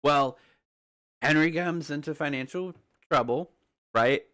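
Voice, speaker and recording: A man's voice: a little high, a little slow, pushed and bright. A young man explaining game theories in a casual, rambling way, often checking in with the listener. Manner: rambling, conversational, often asks "right?". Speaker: YouTuber.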